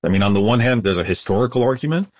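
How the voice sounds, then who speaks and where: Male academic guest, very low voice, dry close sound, measured explainer. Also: lively intonation, darkish tone, no room sound. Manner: measured, explanatory, with frequent restarts. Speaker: guest historian. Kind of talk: interview answers.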